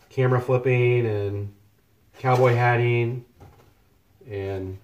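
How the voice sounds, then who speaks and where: A man with an ordinary mid-range voice and a darkish tone chats loosely and cheerfully while cooking on a livestream from his home kitchen, heard through lo-fi sound. He jokes around and thanks viewers by name.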